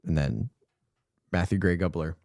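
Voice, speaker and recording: A man's voice: low-pitched, no echo, studio quality. A man co-hosting a movie podcast, animatedly retelling scenes in casual chat. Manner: animated retelling, slips into quick voices. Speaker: podcast co-host reviewing a movie.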